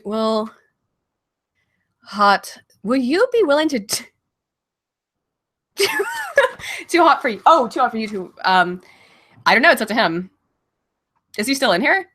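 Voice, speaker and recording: A woman's voice: mid-range voice, pushed and bright. A woman from Virginia and Baltimore answering viewer questions on a casual livestream, blunt and profane, laughing often, on a desk mic at home.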